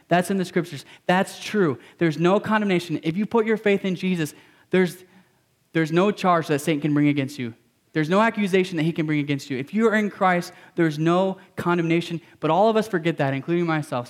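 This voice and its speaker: A man preaching a sermon as a pastor, emphatic and repetitive, mixing in casual slang. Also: sits high.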